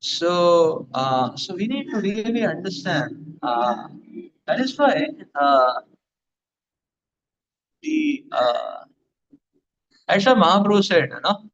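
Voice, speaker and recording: A man's voice: on the high side, a bit bright. A man giving a devotional lecture as a spiritual teacher, rambling with many fillers like "you know". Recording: dull lo-fi recording.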